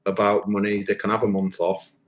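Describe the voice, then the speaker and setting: A man's voice: fairly low pitch, brisk. A man, a musician and comedian, talking bluntly and with a lot of swearing on a live stream, acting out the voices in his stories. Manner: blunt, sweary, animated storytelling with acted-out voices. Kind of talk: casual chat on a live stream.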